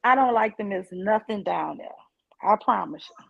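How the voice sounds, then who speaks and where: A woman in her forties from New Orleans with a Southern accent, chatting emphatically on a video call and quoting people in lively voices. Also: medium pitch, moderate pace, vocal fry. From New Orleans, Louisiana. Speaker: panelist. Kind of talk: casual chat. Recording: slightly muffled audio.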